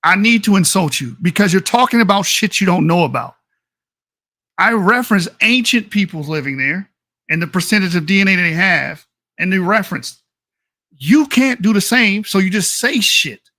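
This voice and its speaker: A man with a high, bright, cutting voice argues fiercely in an online debate. He reads passages from studies and then turns on his opponent with profane insults. His voice is close and dry. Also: expressive, normal speed, dry recording. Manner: reads aloud from papers.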